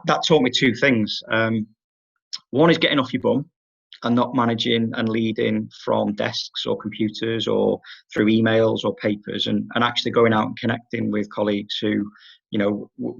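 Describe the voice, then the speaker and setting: A man's voice: fairly low pitch, gravelly, fairly bright tone, breathy edge, lo-fi sound. A man, a hospital chief executive, telling anecdotes in a Q&A, quoting colleagues and often restarting his sentences. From England. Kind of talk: recorded Q&A storytelling.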